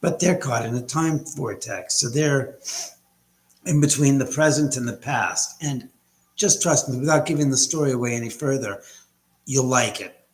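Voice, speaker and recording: A man's voice: medium pitch, normal speed. A man hosting a casual live stream from home, rambling and blunt with casual swearing. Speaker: livestream host. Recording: echoey room.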